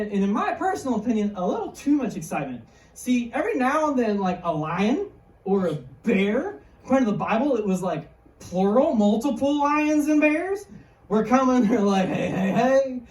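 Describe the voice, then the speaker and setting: Addressing young people in a church hall, a female youth speaker keeps her sermon loose, slangy and full of jokes. Her voice is a little high and darkish. The recording sounds roomy, with the microphone at a distance.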